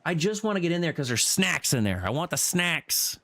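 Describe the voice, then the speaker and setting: A man's voice: big pitch swings, brisk, few pauses, a bit bright. Playful man chatting while gaming. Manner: playful, jokey, repeats himself, jumps into squeaky exclamations. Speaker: gaming streamer. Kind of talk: casual multiplayer gameplay chat.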